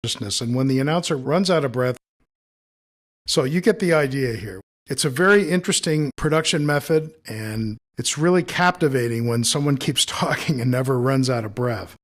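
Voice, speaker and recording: A man teaching audio editing, thinking aloud as he trims clips and mutters asides to himself. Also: mid-range voice. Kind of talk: screen-recorded editing tutorial.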